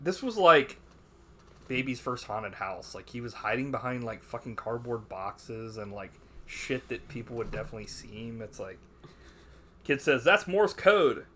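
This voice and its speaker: A man's voice: medium pitch, animated, normal speed, pushed and bright, a little hiss or hum. A man co-hosting a podcast, reviewing a film in casual banter, swearing a lot and doing mocking impressions of the characters. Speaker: podcast co-host.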